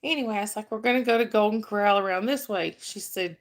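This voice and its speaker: Speaking quickly in a mid-range voice, a woman from North Georgia with a Southern accent hosts a casual live-chat stream. She greets viewers by name and laughs often.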